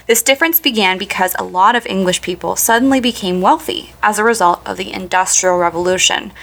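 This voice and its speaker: A woman's voice: mid-range voice, a little fast, creaky, a bit bright. A woman from the United States hosting a podcast, reading prepared notes and riffing on them with enthusiasm. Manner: enthusiastic, reads facts then riffs. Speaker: podcast host. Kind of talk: reading prepared notes mixed with casual chat.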